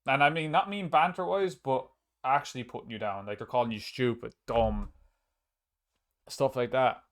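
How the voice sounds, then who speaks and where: A man's voice: mid-range voice, moderate pace. Rambling man hosting a podcast. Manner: rambling, frequent restarts, swears casually. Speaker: podcast host and streamer. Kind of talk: casual podcast chat.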